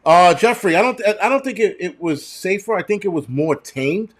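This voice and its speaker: A man's voice: high voice, expressive, normal speed. Blunt, foul-mouthed middle-aged man. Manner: blunt, profane, rambling. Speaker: channel host. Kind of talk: casual livestream chat answering viewers.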